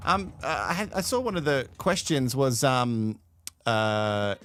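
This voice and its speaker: A man hosts a live reality-TV recap, talking loosely and mocking himself. His voice sits at a middle pitch and is filled with ums and uhs. Faint music plays in the background. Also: lively intonation, brisk, a bit bright. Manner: rambling, self-deprecating, filler-heavy. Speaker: host. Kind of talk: live stream commentary.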